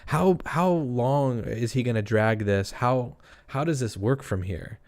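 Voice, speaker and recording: A man's voice: medium pitch, a little slow, darkish tone. A young man hosting a casual true-crime livestream, thinking aloud and rambling with restarts while reading chat. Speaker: livestream host.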